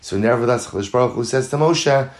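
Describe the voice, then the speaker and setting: An earnest man teaching a Talmud class, with a voice of middle pitch. He weaves Hebrew and Yiddish terms into his explanations. He drives his points home by repeating phrases, sometimes rising into lively, louder passages. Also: quick pace. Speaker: Torah teacher.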